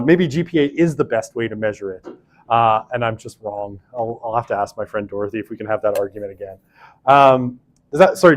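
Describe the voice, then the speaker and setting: A man teaches a university class in a loose, conversational way. He fills his sentences with asides and fillers and pokes fun at himself as he explains. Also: fairly low pitch. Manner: chatty, many fillers and asides, self-deprecating. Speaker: university lecturer. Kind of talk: casual classroom lecture.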